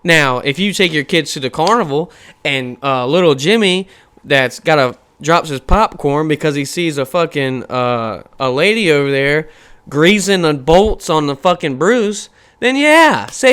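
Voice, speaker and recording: A podcast host in his thirties launches into a casual rant, profane and animated, swearing freely and firing off rhetorical questions. His voice is on the high side, clear and resonant, and he speaks a little slowly.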